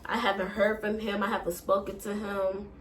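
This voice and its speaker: A woman's voice: mid-range voice, level tone, moderate pace, fairly bright tone, a little hiss or hum. A woman vlogger, telling a breakup story in a rambling, emotional way and swearing a lot. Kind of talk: casual storytime.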